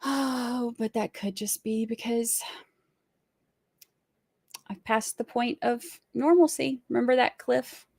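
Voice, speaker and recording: A woman's voice: a little high, slow pace, creaky, long pauses, a little mellow, dry recording. Chatty woman streamer, dry sound. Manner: chatty, giggly, rambling. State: sleep-deprived. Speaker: livestream host. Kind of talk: casual chat.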